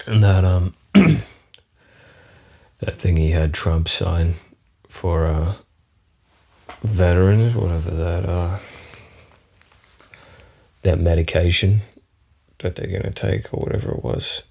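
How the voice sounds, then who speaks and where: A man's voice: deep voice, slow, vocal fry, pauses often, mellow, slightly rough. An Australian man hosting a solo comedy podcast, rambling and swearing freely. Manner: rambling, profane, chuckling often. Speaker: podcast host.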